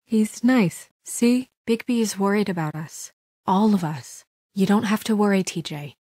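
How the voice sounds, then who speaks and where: A woman voicing a composed young woman in a video game, calm and gently reassuring. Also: medium pitch, a little slow, no room sound, clean studio sound, lightly acted. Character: composed young woman, deputy mayor, firm but kind. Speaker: voice actor.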